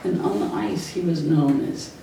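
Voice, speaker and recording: With a low, gravelly voice at a moderate pace, a retired schoolteacher looks back warmly on her classroom, often breaking into chuckles. She's an older woman telling personal stories. The room echoes, the mic is distant, and there's faint noise.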